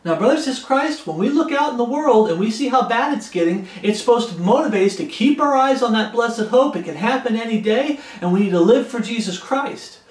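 A man preaching in a high, emphatic voice, repeating his warnings over and over and reading scripture aloud. His sermon rings out in a noticeably echoey room. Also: lively intonation, a little fast, hardly any pauses. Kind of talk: expository Bible sermon.

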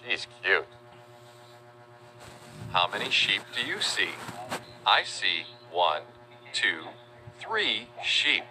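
A man narrating a children's educational video, spelling out words letter by letter in a friendly, deliberate way. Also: low-pitched, big pitch swings, music in the background. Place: voice-over.

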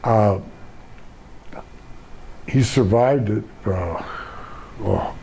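A man's voice: on the low side, extremely slow, gravelly, mellow, a little hiss or hum. An older man, a retired pro wrestler, telling rambling stories in a casual interview with many restarts. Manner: rambling storyteller, frequent restarts.

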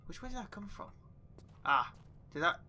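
A young man muttering and swearing his way through a game, his voice very bright and slightly raised in pitch. He chats along to himself at a desk mic, with a faint hiss of noise underneath. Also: big pitch swings, moderate pace. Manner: chatty, swears often, talks to himself while playing. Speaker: gaming YouTuber. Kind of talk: casual let's play commentary.

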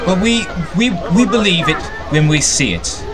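Game role: man doing a quavering servile creature, stammers, pitched up high, loud crowd noise behind. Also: animated, moderate pace, loud music behind the voice, rough recording. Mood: fearful.

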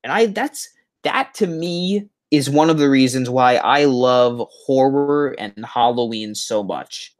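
Guy on a headset mic, rambling livestream chat, reading comments, middle pitch. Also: slow pace. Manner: chatty and rambling, reads out viewer comments. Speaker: YouTube livestream host.

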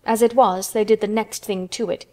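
A woman reading a children's storybook aloud in steady, measured narration. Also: mid-range voice.

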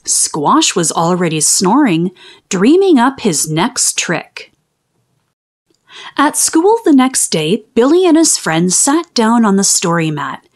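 Lady reading a kids story aloud, slow and super lively, high voice. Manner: expressive and animated. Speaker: children's storyteller. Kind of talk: reading a children's book aloud.

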